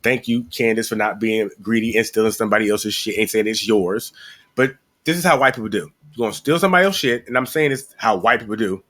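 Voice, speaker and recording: A man's voice: fairly low pitch, quick pace. A man co-hosting a casual podcast, telling a story with lots of profanity and acting out the voices of the people in it. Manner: animated storytelling, acts out quoted voices, heavy profanity. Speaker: podcast co-host. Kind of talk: casual chat.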